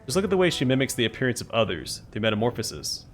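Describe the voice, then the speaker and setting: A man's voice: mid-range voice, big pitch swings, racing, faint music behind, natural voice. A man voicing an eager female scholar who admires a monster in a clinical tone. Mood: enthusiastic.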